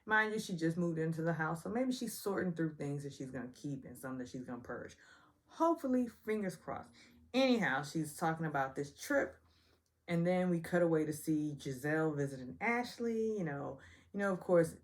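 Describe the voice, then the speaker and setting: A woman hosting a casual reality TV recap, chatty and sassy, often joking about her own stumbles. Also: deep voice. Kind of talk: casual episode review.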